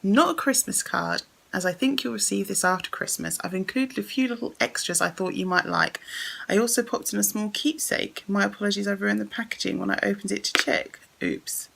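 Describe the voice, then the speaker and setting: A woman's voice: medium pitch, fairly quick, vocal fry, fairly bright tone. A young woman chatting casually as she unboxes a gift on camera, effusive and full of thanks. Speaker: beauty vlogger.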